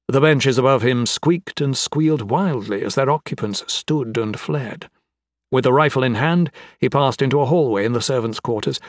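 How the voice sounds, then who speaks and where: A man's voice: mid-range voice, no room sound. Dry, close male audiobook narrator.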